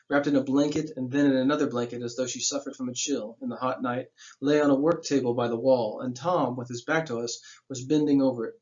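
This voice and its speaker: A man's voice: mid-range voice, highs cut off. A man reading a novel aloud as a teacher, breaking off for casual asides that explain the plot in plain slang.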